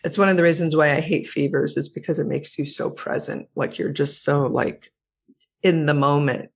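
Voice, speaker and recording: A speaker in casual conversation who talks in a reflective, gently probing way. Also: medium pitch, fairly even intonation, normal speed, gravelly, husky.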